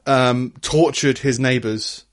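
A man's voice: medium pitch, fairly even intonation, slow. A young man co-hosting a casual podcast, laughing often and swearing as he talks. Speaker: podcast co-host.

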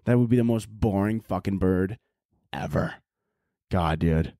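A man's voice: sits low, measured pace, dark tone, no room sound, clean studio sound. A young man hosting a podcast on his own, rambling and joking with a lot of swearing in casual chat. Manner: profane, rambling, jokey. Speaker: podcast host.

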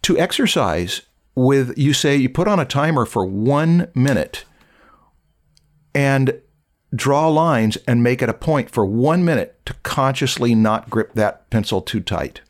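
A middle-aged man offers drawing advice in a measured, thoughtful way. His voice sits at a middling pitch, and his sentences sometimes trail off. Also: animated. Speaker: art podcast co-host. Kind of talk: casual chat giving drawing advice.

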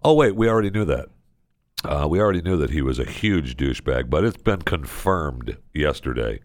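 Deep-voiced man ranting on air. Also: a little fast, no echo. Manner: ranting, sarcastic, lively swings in pitch. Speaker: radio show host. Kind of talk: casual opinion monologue.

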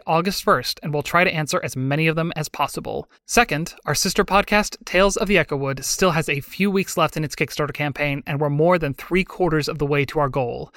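A man hosting a podcast, reading show announcements and supporter thanks in a clear, steady way. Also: fairly high pitch, no room sound, clean studio sound. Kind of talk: read announcements.

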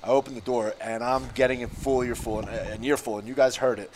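A man co-hosting a podcast, telling stories in an animated way. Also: mid-range voice, brisk, background noise. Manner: animated storyteller. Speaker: podcast co-host. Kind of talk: casual chat.

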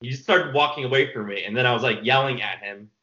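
Bright-voiced man telling rambling stories. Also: medium pitch, fast, dull audio. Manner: rambling, animated storyteller with fillers. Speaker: filmmaker guest. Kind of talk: casual interview storytelling.

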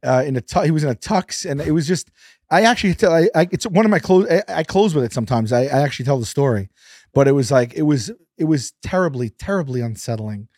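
A man telling a story as a podcast guest, animated, acting out his quotes and sometimes dropping to a whisper. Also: on the high side, quick pace, dry recording, studio quality. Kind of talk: casual storytelling.

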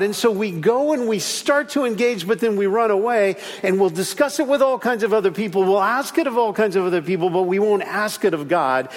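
Pastor, male, high-pitched, animated sermon delivery with repeated refrains, long hall reverb. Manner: animated, repeats key phrases, acts out little stories.

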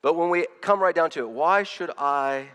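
A man delivering a sermon in an earnest, rather high voice that often doubles back on words and restarts phrases. His voice rings with the long reverb of a large hall. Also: normal speed, bright, forceful tone, smooth. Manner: earnest, with frequent word repeats and restarts. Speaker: pastor.

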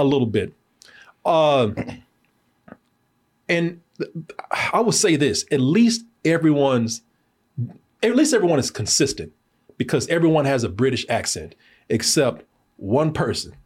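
An american man riffing through a movie review podcast with a slightly husky, somewhat high voice. he gets animated, laughs a lot, swears freely and fills gaps with uh and you know. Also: unhurried, pauses often. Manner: animated, laughing, profane, lots of fillers. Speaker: film review podcast host. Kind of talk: casual film review chat.

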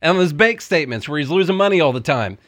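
A man's voice: fairly high pitch, lively intonation, fast, fairly bright tone, no room sound, clean studio sound. A man with a Tennessee accent, co-hosting a casual podcast and reading an ad in a folksy, joking way. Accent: Southern US (Tennessee). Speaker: podcast co-host. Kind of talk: casual chat and ad read.

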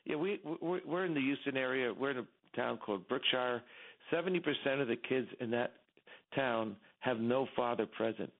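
A man speaks through a thin, tinny phone line. He talks as an emphatic guest, repeating his points and lifting his voice when stirred. His pitch sits in an ordinary middle range. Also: normal speed. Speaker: company executive, radio guest. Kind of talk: impassioned call-in commentary. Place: home in Texas.

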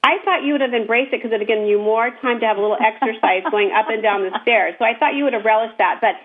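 Upbeat woman cohost, motivational, kinda high voice, tinny phone audio. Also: fast. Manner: encouraging, earnest, motivational. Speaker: podcast co-host. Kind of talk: casual chat. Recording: tinny phone-line sound.

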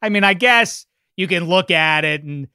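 A man with a bright, crisp voice hosts a casual sports chat. He is wry and a little rambling. The sound is dry and close. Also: high-pitched, moderate pace, dry recording. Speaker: podcast host.

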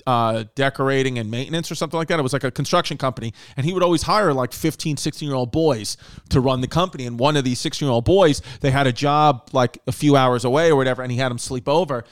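A man's voice: medium pitch, fast talker, no echo, studio quality. A man in casual podcast chat, telling a long story with many fillers and restarts. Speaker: podcast host.

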